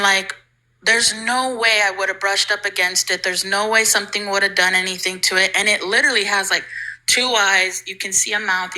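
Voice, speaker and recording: A young woman with a strikingly bright, sharp voice tells a ghost story in easy, casual chat. She leans on "like" constantly and slips into the voices of the people in her tale. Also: medium pitch, poor audio. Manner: chatty, fills with "like", acts out quoted people. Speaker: livestream storyteller.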